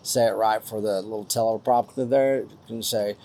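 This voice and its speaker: A man's voice: fairly low pitch, fairly even intonation, moderate pace, dark tone, slight background noise. A man with a West Texas accent hosting a podcast, chatting in a folksy, rambling way and thanking listeners for donations. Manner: folksy, rambling, uses lots of fillers. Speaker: podcast host. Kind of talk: casual podcast chat reading listener donations.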